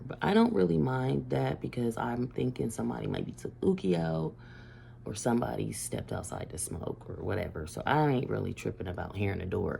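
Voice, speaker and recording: A middle-aged woman from Ohio telling a family story to camera in a casual, animated way, swearing freely and often breaking into laughter. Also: extremely low pitch, vocal fry, slight background noise. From Ohio, USA.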